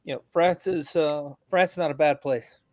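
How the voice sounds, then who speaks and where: A veteran calling in to a podcast, talking casually in an animated, joking, profane rant. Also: male voice, on the high side, normal speed, no room sound, studio quality. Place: abroad, remote from the hosts.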